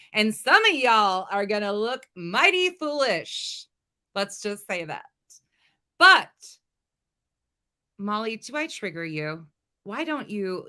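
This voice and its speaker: A woman's voice: fairly high pitch, sharp tone, clean tone. A woman hosting a commentary channel, talking bluntly and confrontationally with lots of profanity. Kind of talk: casual reaction commentary.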